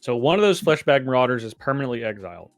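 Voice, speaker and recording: A man's voice: medium pitch, very animated, quick pace, no room sound, faint music behind. Dry-witted man playing cards on a video call. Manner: dry teasing, playful. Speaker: card game player. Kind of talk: casual game-play chat.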